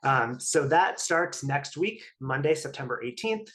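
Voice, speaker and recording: Steady male webinar host over video call. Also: fairly high pitch, a little slow. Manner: steady, reads prepared notes. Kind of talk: announcements and guest introduction.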